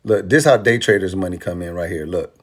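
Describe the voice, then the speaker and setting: A man's voice: low-pitched, a little fast, slight background noise. A man teaching crypto trading in casual, emphatic, repetitive speech, using slang and selling his course. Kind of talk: casual teaching demo with music.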